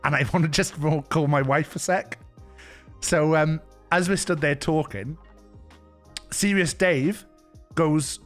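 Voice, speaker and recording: A man's voice: a little high, very animated, slow, long pauses, fairly bright tone, faint music behind. A young man with a Welsh accent, telling a rambling story to his stream with frequent restarts and bursts of laughter. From Wales. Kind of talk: casual storytelling chat.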